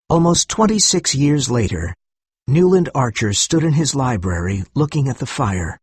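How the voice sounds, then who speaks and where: Male narrator, very husky voice, dry close sound, measured reading. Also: mid-range voice, darkish tone, no echo. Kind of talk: scripted story narration for learners.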